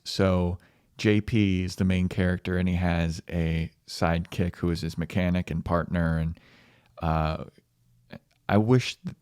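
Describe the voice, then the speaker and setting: A man co-hosting a movie review podcast in casual chat, relaxed, laughing often, with many fillers. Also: deep voice, clean tone, no room sound, clean studio sound. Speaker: podcast co-host.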